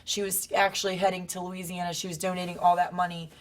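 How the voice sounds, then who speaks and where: A young woman wrestler telling stories in a casual interview, acting out quotes with sudden high bursts. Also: little pitch movement, fast talker.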